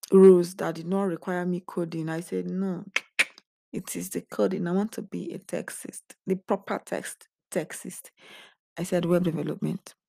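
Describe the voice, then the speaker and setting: A young woman confides in her viewers, worn out and earnest. Her voice is low, gravelly and mellow. The sound is close and dry. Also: dry recording. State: emotionally drained. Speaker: vlogger. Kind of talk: candid personal vlog.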